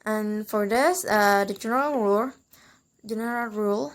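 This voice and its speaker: A woman's voice: mid-range voice, normal speed. A young woman, a student explaining English word stress rules, hesitant, with many fillers and restarts, repeating example words. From Indonesia. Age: young adult. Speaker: student presenter.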